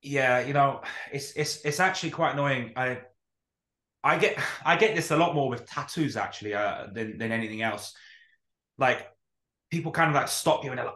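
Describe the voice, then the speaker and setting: Casting note: lively guy, podcast co-host, swears a lot, acts out quotes, roomy echo. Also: medium pitch, a little fast. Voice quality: animated storyteller, swears freely, acts out quotes. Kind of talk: casual chat.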